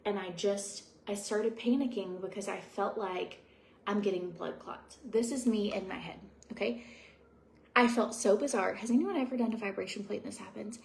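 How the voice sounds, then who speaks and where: Gravelly-voiced woman chatting through her skincare routine. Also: mid-range voice, a little mellow, a little hiss or hum. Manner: rambling, confiding, many fillers. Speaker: beauty vlogger. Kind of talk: casual chat during a skincare routine. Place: at home.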